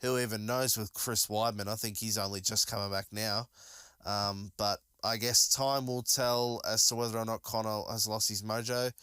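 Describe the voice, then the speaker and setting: A man's voice: on the low side, bright, forceful tone, clean tone, dry recording. A man hosting a solo podcast, talking casually and enthusiastically, rambling with many fillers and restarts. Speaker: podcast host.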